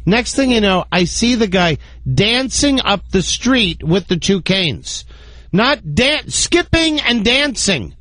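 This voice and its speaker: A man's voice: sits high, sing-song, slow, a bit bright, no echo. A man chatting on a radio show, telling stories and acting out the people he meets. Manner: chatty storyteller, acts out people he quotes. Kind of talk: casual radio talk.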